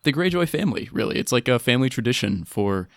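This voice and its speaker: A man's voice: mid-range voice, lively intonation, fast talker, gravelly, dry recording, studio quality. A man guest in casual podcast chat who laughs often and reflects thoughtfully.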